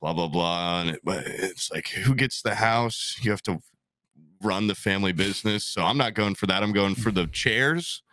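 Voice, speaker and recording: A man's voice: lowish voice, normal speed, pushed and bright, dry recording. A man co-hosting a podcast, rambling and laughing as he chats, swearing freely. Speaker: podcast co-host. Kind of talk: casual chat.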